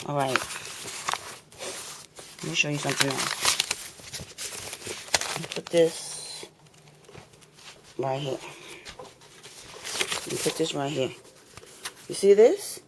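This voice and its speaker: A woman's voice: low voice, lively intonation, measured pace, long pauses, darkish tone, a little hiss or hum. Furious fed-up New woman. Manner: fed up, repetitive, confrontational, swearing. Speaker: tenant filming a complaint video. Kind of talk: angry direct-to-camera rant. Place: apartment, indoors.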